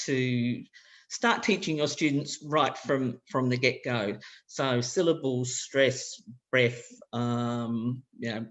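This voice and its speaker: A man's voice: medium pitch, fairly bright tone. A man with an Australian accent presenting a practical workshop to language teachers, explaining ideas in a loose, conversational way and walking through examples.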